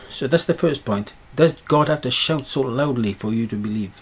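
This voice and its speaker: A man's voice: fairly high pitch, a little fast, creaky, hardly any pauses, breathy edge. A man preaching a sermon, pressing his points with repeated rhetorical questions.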